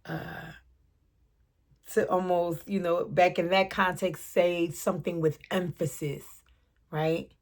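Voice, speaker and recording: A middle-aged woman reads tarot cards in a loose, spontaneous way. Her gravelly voice moves slowly, then bursts into excited slang, laughter and bits of song. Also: on the low side. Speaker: tarot reader.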